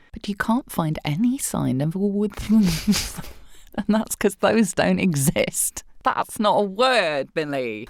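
Sweary, husky woman gaming. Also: medium pitch, dry recording, clean studio sound. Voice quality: slightly husky. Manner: sweary, sardonic, quick jokes. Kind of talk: casual gaming chat.

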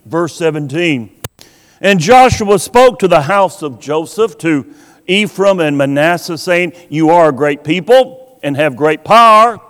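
A man preaching a sermon, slow and emphatic, acting out the voices he quotes. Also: a little high, expressive, a bit bright. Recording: long hall reverb.

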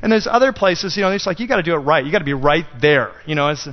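High-voiced pastor telling a funny story. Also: male voice, lively intonation, fast. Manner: self-deprecating, rambling, conversational. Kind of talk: humorous sermon storytelling. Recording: dull lo-fi sound.

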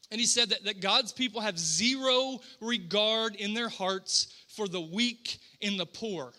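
A man delivers a sermon in an easy, conversational way, circling back and restarting his phrases as he goes. His voice sits high for a man and sounds intensely bright and forward. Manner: casual and animated, with quick repeated restarts. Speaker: pastor.

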